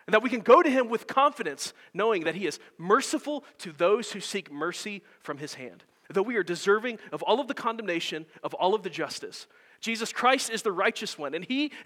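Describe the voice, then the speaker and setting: A man preaching a sermon as pastor, telling a story in an animated way, with emphatic build-ups and quick self-corrections. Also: high voice, big-room sound.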